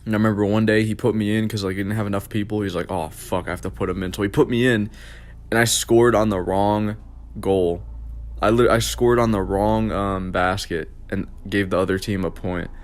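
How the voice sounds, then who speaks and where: A man's voice: on the low side, little pitch movement, normal speed. A young man telling a casual storytime monologue for his vlog, rambling, packed with fillers and swearing. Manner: rambling, filler-heavy, profane. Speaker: vlogger.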